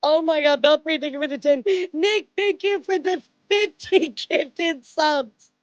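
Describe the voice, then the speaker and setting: A young woman streaming live, excitedly thanking viewers, laughing often and swearing. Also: high voice, unhurried, dry recording, dull audio.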